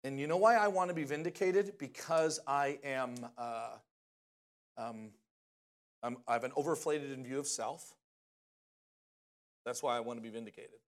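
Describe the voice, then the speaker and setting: A man preaching a conversational sermon in a lively way, often asking the audience questions. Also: medium pitch, moderate pace, pauses often.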